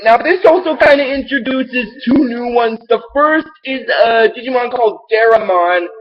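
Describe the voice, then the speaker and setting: A man hosting his own show, rambling through an excitable recap with many restarts. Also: very high voice, normal speed, highs cut off. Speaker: show host recapping episodes.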